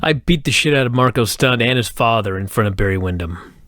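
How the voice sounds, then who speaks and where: Joking male co-host, wry banter, lively pitch, dry close mic. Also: brisk, no echo. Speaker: podcast co-host reviewing wrestling. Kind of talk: casual review chat.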